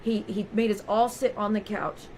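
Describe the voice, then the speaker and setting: A woman's voice: mid-range voice, little pitch movement, normal speed, a little mellow, slight background noise, low-quality recording. A woman vlogger telling a personal story straight to her viewers in a raw, candid way.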